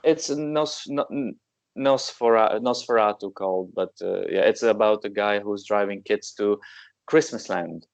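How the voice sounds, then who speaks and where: A man's voice: lowish voice, unhurried, creaky, no echo. A man hosting a podcast interview, asking brief, curious questions. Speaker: podcast host. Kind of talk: casual interview chat.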